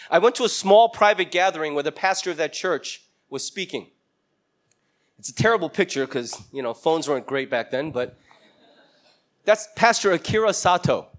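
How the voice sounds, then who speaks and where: A man's voice: high-pitched, fairly bright tone. A man preaching a sermon as a storyteller, acting out the voices of the people in his story. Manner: storytelling, acts out quoted voices.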